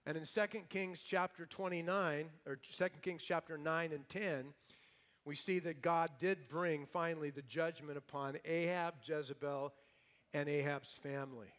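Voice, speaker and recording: A man's voice: on the high side, moderate pace. Playful storytelling male preacher. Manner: lively, playful storytelling with comic asides. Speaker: pastor. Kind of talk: sermon.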